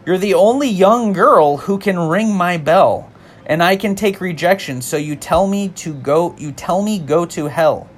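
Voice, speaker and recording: A man putting on a mock Jamaican accent as a smooth-talking male lover, reciting song lyrics in a sing-song way. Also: high-pitched, measured pace, voice pushed up. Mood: flirty.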